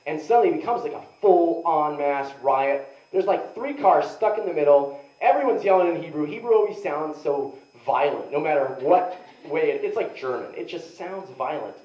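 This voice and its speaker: A man's voice: fairly high pitch, animated, normal speed, darkish tone. Young adult male stand-up comic, loose self-mocking delivery, roomy live sound. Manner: rambling, self-mocking, heavy use of "like". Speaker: stand-up comedian. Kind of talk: stand-up comedy storytelling. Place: live comedy venue. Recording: echoey room, mic heard from a distance.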